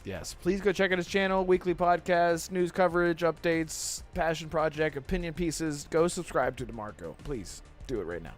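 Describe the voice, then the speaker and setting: Man, podcast host, slightly high voice, upbeat, casual, faint music behind. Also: normal speed, hardly any pauses. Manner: upbeat, laughs often, thanks chat members. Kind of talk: casual gaming podcast chat.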